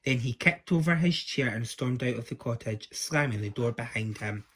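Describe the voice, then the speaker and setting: A man reading a children's story aloud as the storyteller, lively and doing the voices. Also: mid-range voice, moderate pace.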